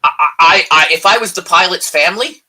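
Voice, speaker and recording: A man talking on a casual live stream, his voice sharp and somewhat husky. He rants with heat and swears freely, building up as he argues his point. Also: high voice, a little fast. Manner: heated, swearing rants about football. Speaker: co-host. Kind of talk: casual chat. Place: live stream video call.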